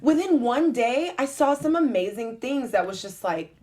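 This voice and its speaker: A woman's voice: fairly high pitch, expressive, normal speed, dark tone. Earnest woman host sharing inspiration. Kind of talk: casual chat.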